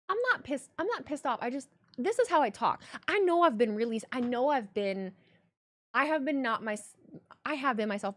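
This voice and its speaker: A young adult woman streaming live, reading chat and talking in a blunt, profane, animated way. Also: fairly high pitch.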